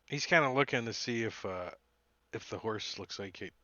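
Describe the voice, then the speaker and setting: A man casually playing a tabletop game, animated and joking, on a dull, lo-fi mic. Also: lowish voice, moderate pace, dry recording. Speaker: player.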